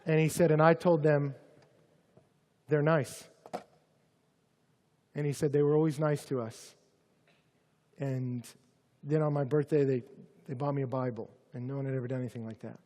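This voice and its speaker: A man preaching a sermon to students, dropping to soft, close asides and then rising to loud, shouted emphasis. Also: medium pitch, fairly even intonation, brisk, big-room sound. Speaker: campus ministry pastor.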